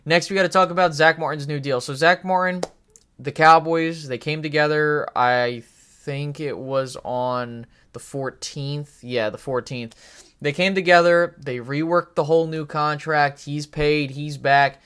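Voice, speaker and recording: A man's voice: a little high, steady tone, unhurried, fairly bright tone, clear, resonant tone. A man hosting a live sports talk stream, giving rambling, opinionated takes with frequent fillers, restarts and casual swearing. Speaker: podcast host.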